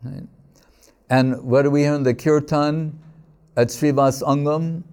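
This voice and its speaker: Slow, mellow-voiced man giving a sermon. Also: a little high, fairly even intonation, clean tone. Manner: unhurried storytelling with scripture quotes and frequent "right?" checks. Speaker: speaker at a devotional gathering.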